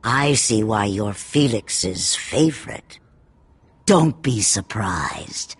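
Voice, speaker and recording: An actor playing a ruthless crime boss in a game, speaking slowly with cold, clipped threats. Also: male voice, fairly low pitch, expressive, husky, heavily acted. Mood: menacing. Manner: slow, threatening, clipped orders.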